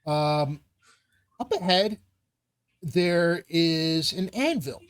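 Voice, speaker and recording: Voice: medium pitch, lively intonation, drawn-out words, clear, resonant tone. A game master narrating a live tabletop game, with rambling descriptions full of fillers.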